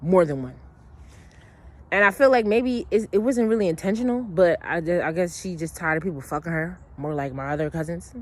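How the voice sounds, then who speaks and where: A woman with a lowish voice briskly tells a long personal story in a casual monologue. She's blunt and emotional, swears freely, and rambles with restarts and asides.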